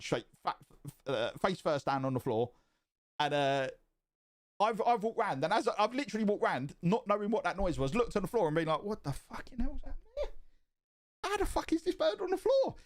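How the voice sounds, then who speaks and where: Animated man telling a story. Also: a little high. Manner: profane and animated, rising excitement. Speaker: streamer. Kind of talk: casual storytelling.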